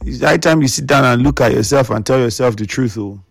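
A Nigerian man lectures his radio audience with a scolding, preachy edge, mixing pidgin into his speech. His voice sits at a medium pitch and sounds dry and close to the mic. Faint music plays underneath. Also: fairly quick, creaky, no room sound. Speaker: radio talk show host.

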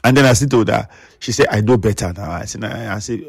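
A man's voice: fairly low pitch, quick pace, gravelly, husky, no echo, clean studio sound. Scolding Nigerian man on radio. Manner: scolding, lecturing, mixing pidgin. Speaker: radio talk show host. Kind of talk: preachy radio commentary.

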